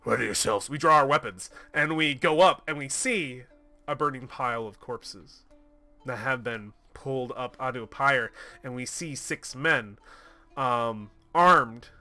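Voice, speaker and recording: A man narrating his solo tabletop game in casual chat. He is excitable and swears freely, with a lot of laughing. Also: mid-range voice, measured pace, faint music behind. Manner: excitable and profane, laughing often.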